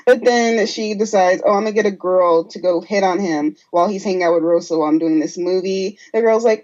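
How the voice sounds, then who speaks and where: A woman co-hosting a podcast recaps reality television with snark and salty asides. Her voice sits on the low side. The recording is dull and lo-fi. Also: brisk, hardly any pauses, darkish tone. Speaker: podcast co-host. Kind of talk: casual chat.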